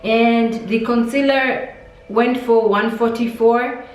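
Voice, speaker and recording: Slow-talking woman, roomy distant sound. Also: a little high, fairly even intonation. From Namibia. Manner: chatty, rambling, many fillers. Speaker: beauty vlogger. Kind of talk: casual makeup review vlog. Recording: roomy echo, distant mic, faint music.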